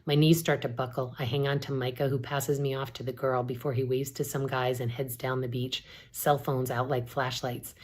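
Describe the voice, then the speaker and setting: A woman, an English professor, reading a novel aloud in a steady, measured narration. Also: extremely low pitch.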